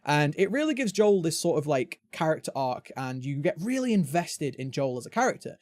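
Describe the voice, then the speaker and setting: A man's voice: on the high side, very animated, a little fast, a little mellow, no echo. A British man hosting a gaming podcast, chatting casually and rambling with frequent restarts. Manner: chatty, rambling, self-interrupting. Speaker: podcast host. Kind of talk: casual chat.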